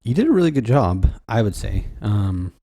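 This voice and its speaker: Laid back podcast host dude, lowish mellow voice, lots of ums, dry mic. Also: male voice, very animated, moderate pace, dry recording. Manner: easygoing, laughs a lot, rambles with fillers. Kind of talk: casual chat.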